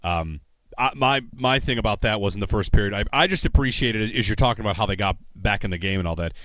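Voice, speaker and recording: Conversational sports radio host, dry mic. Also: male voice, fairly low pitch, fast, fairly bright tone, dry recording. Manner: conversational, rambling, reads promos. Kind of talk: sports talk radio banter. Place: radio studio.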